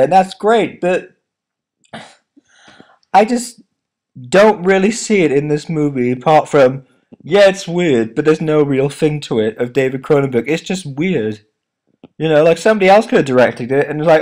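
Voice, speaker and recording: A man giving a casual spoken film review, rambling with lots of fillers, his voice jumping up high when he is incredulous. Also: darkish tone.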